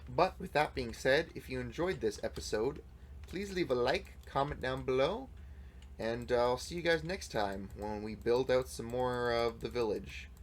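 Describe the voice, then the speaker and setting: A man's voice: mid-range voice, normal speed, slight background noise, low-quality recording. A man giving casual, rambling gameplay commentary as a let's play host, thinking aloud as he goes.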